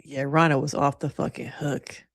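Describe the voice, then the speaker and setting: A woman's voice: low-pitched, level tone, moderate pace, dry recording, studio quality. A woman giving casual, sassy reaction commentary on a reality show, laughing often and talking in a playful way.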